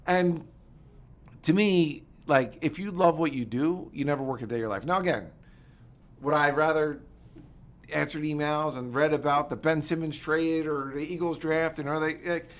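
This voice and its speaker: A man, talking as a podcast guest in a quick, animated, filler-heavy way. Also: fairly high pitch. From United States. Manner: rapid, animated storytelling with many fillers. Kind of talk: casual interview talk.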